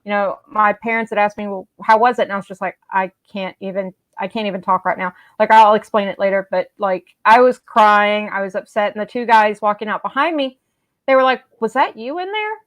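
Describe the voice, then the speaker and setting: A woman in casual fan chat who tells stories in an animated way and acts out the people she quotes. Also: mid-range voice, brisk. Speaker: live chat co-host.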